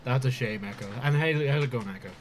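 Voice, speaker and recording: A man's voice: medium pitch, fast talker, slight background noise. Chatty man streaming, eating and laughing. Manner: chatty, talks with mouth full, laughs often. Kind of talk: casual live stream chat.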